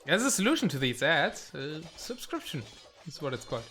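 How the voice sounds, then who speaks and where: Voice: medium pitch, sing-song, brisk, sharp tone, faint music behind. A game stream caster giving casual live commentary, thinking aloud and reacting to the play at a desk mic.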